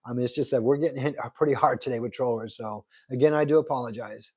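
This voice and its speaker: A man's voice: mid-range voice, steady tone, fast talker, warm tone, slightly rough. A middle-aged man hosting a casual livestream, reading viewer comments aloud and thanking them over and over. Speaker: livestream host. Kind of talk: casual live chat. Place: Arizona.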